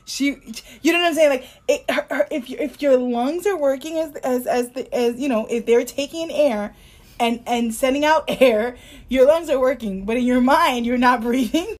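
A woman with a fairly high voice co-hosts a casual podcast. She drops dry asides and works through her explanations in a halting, roundabout way. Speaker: podcast co-host. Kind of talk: casual chat.

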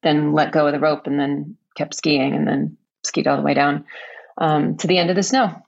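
A woman with a very low, gravelly voice tells a story in an even, matter-of-fact tone. The recording sounds dull and muffled. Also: normal speed. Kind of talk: casual interview chat.

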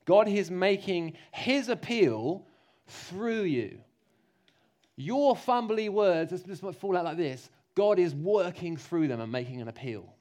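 Lively, jokey man preaching a sermon. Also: sits high, a little slow.

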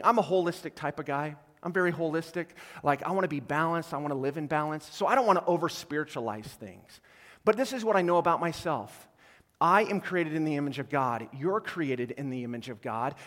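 A man preaching a sermon as a pastor, animated, acting out quoted voices and swinging between quiet and loud passages. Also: a little high, big-room sound. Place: church auditorium.

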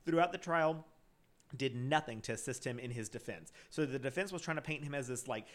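A male podcast co-host with a mid-range voice retells a crime case from his notes on a casual show. He speaks fairly quickly, with plenty of fillers and restarts.

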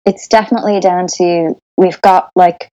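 An Irish woman in her thirties chats as an interview guest in a fairly low voice. She talks in loose, rambling sentences, restarting often. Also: fairly even intonation, moderate pace, warm tone, poor audio. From Ireland. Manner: chatty, with frequent restarts and laughter. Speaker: sound engineer, interview guest. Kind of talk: casual interview.

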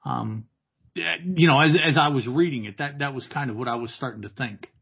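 Man, husky, podcast guest, halting speech, muffled lo-fi recording. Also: medium pitch. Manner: hesitant, repeats words while thinking aloud. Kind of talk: casual chat.

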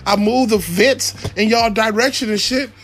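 A man, a father and rideshare driver, telling a profane comic story, shouting high then muttering low. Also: moderate pace, soft background music. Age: adult father.

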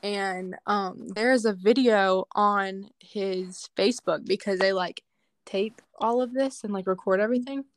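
A woman earnestly telling a personal testimony in casual conversation, animated and full of casual fillers. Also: mid-range voice, a little slow, dry recording, studio quality. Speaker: guest sharing a testimony.

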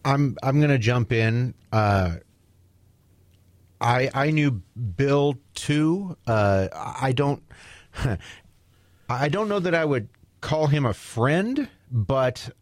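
A man's voice: medium pitch, animated, drawn-out words, no room sound. A male co-host speaks on talk radio in an ordinary mid-range voice, close and dry on the studio mic. He hesitates a lot, fills gaps with ums and restarts, with a wry edge. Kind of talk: talk radio, on-air banter. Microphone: studio microphone.

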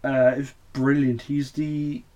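A man's voice: mid-range voice, flat delivery, unhurried, a little mellow, muffled recording. A man hosting a casual show recap, blunt and opinionated, swearing often and full of fillers. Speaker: wrestling podcast host.

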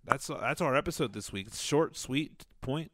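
Young man, casual podcast co-host, lively up-and-down voice, dry close sound, swears a lot. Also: medium pitch, normal speed, no echo. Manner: swearing, animated retelling of movie scenes. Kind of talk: casual chat.

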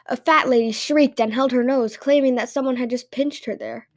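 A woman with a notably high voice reads fairy tales aloud as a podcast host. Her storytelling is lively and expressive. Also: normal speed.

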